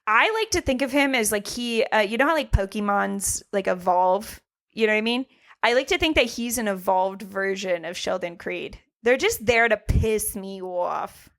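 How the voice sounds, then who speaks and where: A woman co-hosting a racing podcast in casual chat, animated and laughing often, with frequent swearing. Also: mid-range voice, normal speed. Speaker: podcast co-host.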